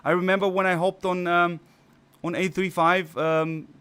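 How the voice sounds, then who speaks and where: A man's voice: high-pitched, level tone, normal speed, sharp tone, smooth. A male mobile strategy game streamer who is losing his voice, rambling with many fillers and restarts. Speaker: gaming channel host. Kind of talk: casual stream commentary.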